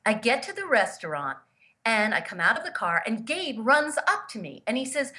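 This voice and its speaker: Guest storyteller, a woman with a fairly high, bright and forceful voice, earnest and emphatic. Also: moderate pace. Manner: lively storyteller who acts out the voices of the people she quotes. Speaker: guest, grief therapist and author. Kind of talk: personal storytelling in an interview.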